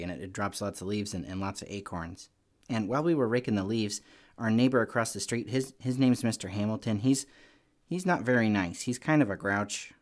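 A man's voice: lowish voice, darkish tone. Chatty man telling a kids' story. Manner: chatty and youthful, with many fillers and restarts. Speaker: children's storyteller. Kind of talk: children's church storytelling.

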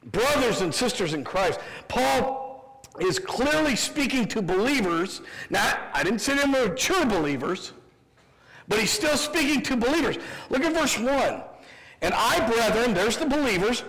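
Midwestern American male pastor, lively sermon delivery, gravelly edge, long church reverb. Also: very high voice. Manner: humorous, animated preaching with quick asides. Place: church sanctuary.

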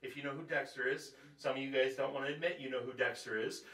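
Bright-voiced joking preacher in echoey church. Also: male voice, mid-range voice, fairly even intonation, fast talker. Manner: joking, conversational, quizzes the audience. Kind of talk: Bible study teaching. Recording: echoey room, distant mic.

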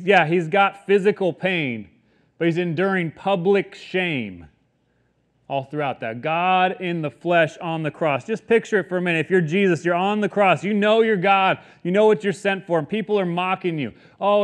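A young adult man preaching a sermon as pastor, in a casual, conversational way with many asides. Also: on the high side.

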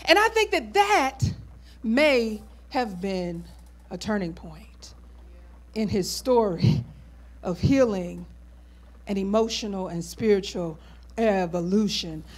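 A woman's voice: mid-range voice, expressive, takes it slowly, long pauses. A woman pastor preaching a sermon in a conversational style, with asides to the congregation.

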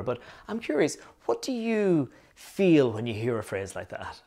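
A man's voice: medium pitch, big pitch swings, moderate pace, few pauses, a little mellow. A middle-aged man from Ireland with an Irish accent, hosting a conversational interview and steering it with curious questions. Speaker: host.

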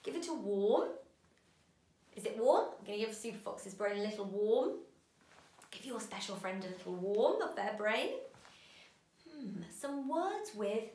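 A woman teaching a children's phonics lesson, animated and encouraging, stretching out sounds slowly. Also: mid-range voice, echoey room.

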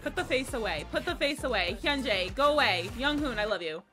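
A woman's voice: fairly high pitch, animated, brisk, over music. A young woman hosting a video reaction, hyper and gushing, swearing and shrieking as she comments. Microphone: headphones on while recording.

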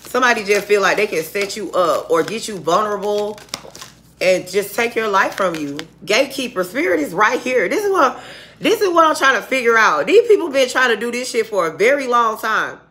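A woman with a bright, forceful voice gives a fired-up tarot reading straight to her viewers. She talks in blunt, profane street slang. A faint hiss sits under her voice. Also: mid-range voice, animated, brisk. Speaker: tarot reader.

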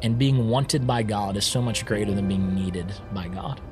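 Over music, a man with a fairly low voice talks at normal speed as a podcast guest. He tells his story casually and with animation, often acting out his past words.

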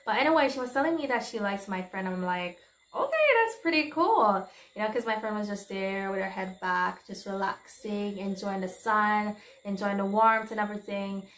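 A woman recounting a story in a casual vlog, candid and exclamatory, her voice pitched mid-range for a woman. The room around her adds a noticeable echo. She talks freely and chattily straight to her viewers. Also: steady tone, normal speed, hardly any pauses, fairly bright tone. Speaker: vlogger. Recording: roomy echo.

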